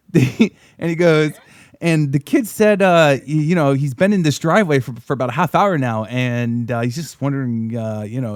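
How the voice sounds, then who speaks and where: A man's voice: mid-range voice, darkish tone, dry recording. A man tells a rambling story, full of swearing and laughs, acting out each person he quotes. His voice sits in a middle range. It is recorded close and dry, with no room sound. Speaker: podcast guest telling a story. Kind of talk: casual storytelling. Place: podcast studio.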